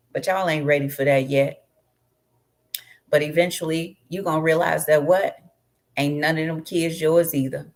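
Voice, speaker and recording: A woman's voice: low voice, fairly even intonation, moderate pace, long pauses. A woman giving a casual tarot card reading, talking bluntly with heavy swearing and rambling asides. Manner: blunt, profane, rambling storytelling. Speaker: tarot reader.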